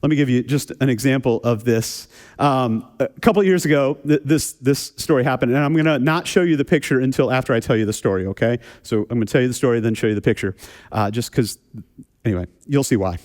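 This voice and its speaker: A man preaching a conversational sermon, telling a funny personal story in a relaxed, chatty way and often repeating words as he restarts. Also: mid-range voice, fast talker. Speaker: pastor. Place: church sanctuary. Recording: long hall reverb.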